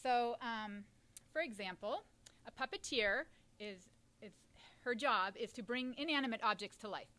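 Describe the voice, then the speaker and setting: Woman puppeteer answering questions, high and bright, lively, some ums. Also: moderate pace. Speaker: puppeteer guest. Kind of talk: interview answers.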